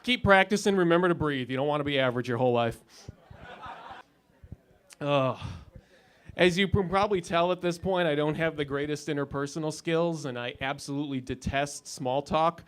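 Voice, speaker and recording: A man's voice: fairly high pitch, normal speed, clear, resonant tone. A man in his thirties doing a stand-up comedy set in a club lounge, with a dry, sardonic delivery and punchlines that build up. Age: 30s.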